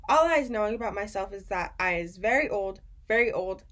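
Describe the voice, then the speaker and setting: A very old, kindly giant , played by a woman reading a storybook aloud, booms out his jumbled, ungrammatical words and stretches them slowly. His voice sits at a middling pitch and carries a gentle, muddled warmth. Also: animated, natural voice. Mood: musing. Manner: booming, drawn-out, ungrammatical folksy speech. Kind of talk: audiobook reading.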